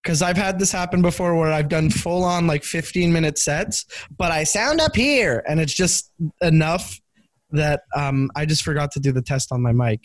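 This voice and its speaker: A man's voice: a little high, moderate pace. A man who is a comedian, a guest in a casual podcast chat, telling stories with animation and stumbling over his starts. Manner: stammers when starting, animated storyteller.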